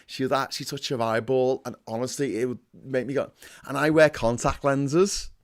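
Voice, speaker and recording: A man's voice: mid-range voice, steady tone, normal speed. A man hosting a casual livestream, rambling and self-deprecating, full of fillers and restarts. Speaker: host.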